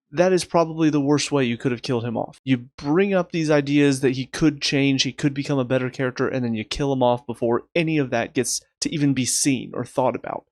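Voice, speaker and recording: A man casually reviewing a TV episode, exasperated and sarcastic, restarting his sentences often and recapping scenes in quick lists. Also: fairly high pitch, dry recording, clean studio sound. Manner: rapid recaps in a flat list. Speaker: TV review host.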